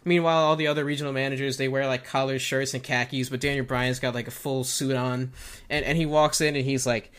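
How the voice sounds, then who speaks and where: Guy cohosting a goofy chat show, tells stories all animated, acts out little quotes. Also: mid-range voice, fairly quick, smooth. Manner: animated storytelling with acted-out quotes. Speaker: co-host. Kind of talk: casual comedic chat.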